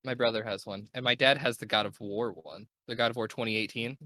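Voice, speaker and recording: A man's voice: medium pitch, steady tone, brisk, bright, forceful tone. A young man hosting a casual gaming podcast, talking in an enthusiastic, rambling way and correcting himself as he goes. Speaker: podcast host.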